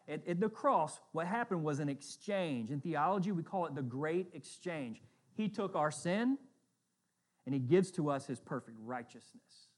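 High-voiced man preaching a sermon. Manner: earnest, conversational preaching with frequent check-ins. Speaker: pastor.

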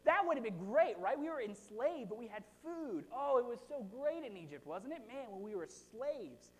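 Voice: mid-range voice, big pitch swings, normal speed, pitched above the performer's own voice. A preacher acting out a crowd of grumbling ancient wanderers in a whining, exaggerated complaining voice. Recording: long hall reverb.

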